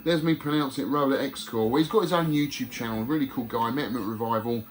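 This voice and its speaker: A man's voice: medium pitch, fast talker, slight background noise. A man hosting a video, chatting casually as he reads out competition scores with friendly asides. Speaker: YouTube host reading competition results. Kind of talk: casual chat to viewers.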